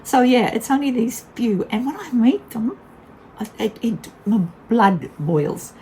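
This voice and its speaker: A woman's voice: on the high side, big pitch swings, a little slow, warm tone, slight background noise, poor audio. An older woman tells a casual vlog story in a blunt, candid way, laughing often. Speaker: vlogger.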